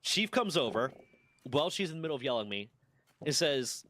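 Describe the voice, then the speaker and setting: A man's voice: mid-range voice, big pitch swings, brisk, bright, forceful tone, dry recording. Profane young man telling a story. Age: 20s. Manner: profane, repetitive, rambling. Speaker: streamer. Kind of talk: casual storytelling.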